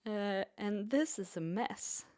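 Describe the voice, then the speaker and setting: A woman's voice: mid-range voice, slow pace, darkish tone. A woman musician chatting casually on her stream in a rambling, self-deprecating way.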